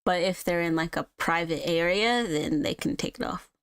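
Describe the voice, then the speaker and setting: Lady narrating a roleplay scene, lots of "like", lower voice, dry mic. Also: moderate pace, clean tone, no echo. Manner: chatty, many "like" fillers. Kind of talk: casual improv roleplay narration.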